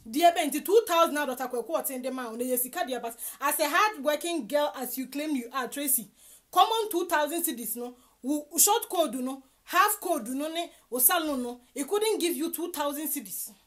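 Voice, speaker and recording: A Ghanaian woman giving animated gossip commentary, mixing Twi and English with loud exclamations. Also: high-pitched, normal speed.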